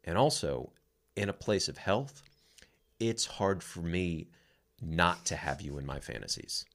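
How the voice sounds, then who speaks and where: Deep-voiced candid man on a podcast. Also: expressive, a little slow, creaky, a bit bright. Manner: candid, blunt, swears casually. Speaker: podcast co-host. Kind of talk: casual podcast conversation.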